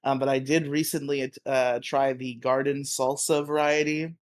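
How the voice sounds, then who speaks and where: A man co-hosting a casual podcast, talking in halting, profane bursts and laughing often mid-sentence. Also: mid-range voice, flat delivery. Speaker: podcast co-host.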